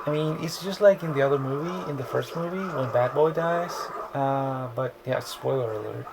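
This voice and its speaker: Rambling, gravelly-voiced man recapping a movie. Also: mid-range voice, moderate pace, background noise. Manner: rambling, profane, restarts words. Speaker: movie reviewer.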